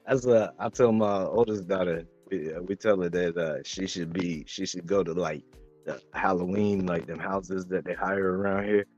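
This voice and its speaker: Man, host, relaxed casual talk, lowish voice, faint music behind. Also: measured pace, dull audio. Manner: relaxed, laid-back, says "man" and "you know what I mean" a lot. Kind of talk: casual chat.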